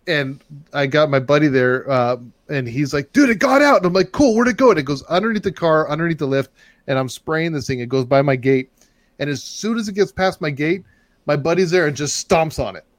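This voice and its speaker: A man telling a long story in casual chat, rambling and getting loud and animated as it builds. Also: on the high side, fairly quick, no room sound. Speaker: podcast host telling a story.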